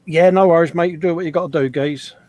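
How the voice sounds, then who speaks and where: A man's voice: fairly high pitch, fairly even intonation, fast, warm tone, no echo. A man from England co-hosting a live stream, bantering casually, laughing often and calling people mate. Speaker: co-host reading live chat.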